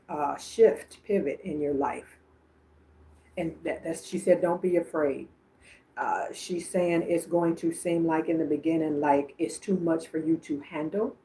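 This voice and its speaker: Low-voiced woman medium, chatty livestream. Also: moderate pace, warm tone. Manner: chatty, answering viewers by name. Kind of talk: livestream reading.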